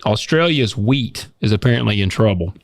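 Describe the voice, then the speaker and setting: Southern American male podcast co-host, gravelly, relaxed joking banter. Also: lowish voice, moderate pace, dry recording, clean studio sound. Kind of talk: casual podcast chat.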